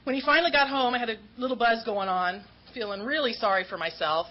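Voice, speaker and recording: A woman from Southern California speaks as an AA speaker about her recovery, candid and self-mocking, acting out the voices of people in her story. Her voice is a little high and her pace quick. The recording is dull and lo-fi, with faint noise.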